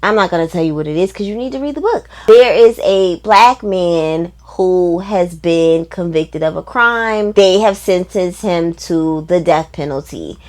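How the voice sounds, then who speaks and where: A woman's voice: lowish voice, a little slow, hardly any pauses, a little mellow. A woman book vlogger talking casually and emphatically, with lots of fillers and frequent laughs. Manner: chatty, emphatic, many fillers; reads quotes in a voice, laughs often. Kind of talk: casual book review chat.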